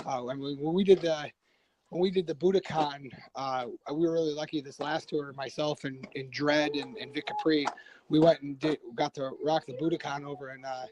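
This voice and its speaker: A man talking as a podcast guest, telling stories in a rambling, animated way, with frequent restarts and laughter. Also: fairly high pitch, normal speed, low-quality recording. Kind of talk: casual storytelling.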